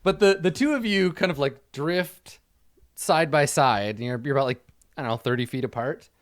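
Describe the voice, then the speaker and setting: A man running a tabletop game as dungeon master, narrating in a relaxed, chatty way with many fillers. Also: fairly high pitch, normal speed.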